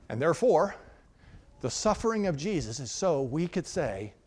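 A male pastor preaching into a stage microphone, his voice sitting a little higher than most men's. He poses questions to the congregation and answers them himself, moving between loud, emphatic lines and soft, hushed ones. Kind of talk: expository sermon.

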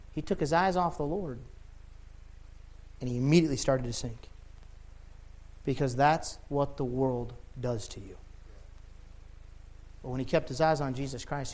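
A man preaching a sermon with passion, rising to loud shouts and dropping to quiet, low lines. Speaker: pastor.

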